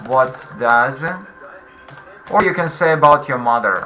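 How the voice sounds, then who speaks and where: A medium-pitched man with a Russian accent, talking at normal speed, patiently repeats questions while teaching beginner English online. Sound quality is dull and lo-fi, typical of an online call.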